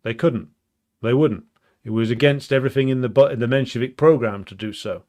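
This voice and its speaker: A fast-talking man with a medium-pitched, darkish voice gives an improvised explanatory talk on political history as a commentator. Blunt and emphatic, he thinks aloud, restarting often and saying um frequently.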